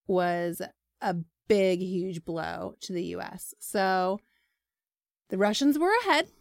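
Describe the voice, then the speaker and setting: A woman's voice: medium pitch, fairly bright tone, dry recording. Woman, podcast host, chatty and casual, dry close sound. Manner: chatty, conversational, with filler words. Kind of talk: casual history podcast narration.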